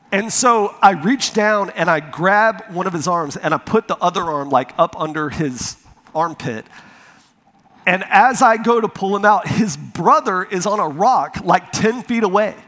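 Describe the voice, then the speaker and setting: A male pastor with a fairly high voice preaches to a congregation, acting out the voices in his story. His words ring out with the long echo of a large hall. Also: moderate pace. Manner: animated storyteller, acts out quotes. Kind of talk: sermon with personal story. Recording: reverberant hall.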